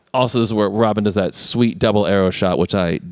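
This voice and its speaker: A man co-hosting a casual podcast, retelling movie scenes and jumping into quick character voices. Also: fairly low pitch, darkish tone, no echo, clean studio sound. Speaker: podcast co-host. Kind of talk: casual movie recap chat.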